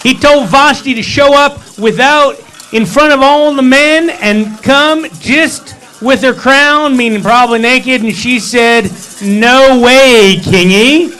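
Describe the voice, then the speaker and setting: A man's voice: very high-pitched, unhurried, bright, forceful tone, rough recording. A man leading a service, telling a holiday story with humor and playful asides in a sanctuary. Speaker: service leader.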